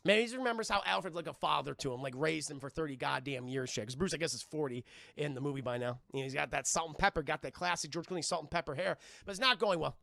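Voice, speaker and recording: A man reviewing a film live, talking casually and sarcastically to his chat and swearing freely. His voice is high and bright, with a gravelly fry running through it. The sound is dry and close. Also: fast talker, no room sound. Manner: animated, profane and sarcastic.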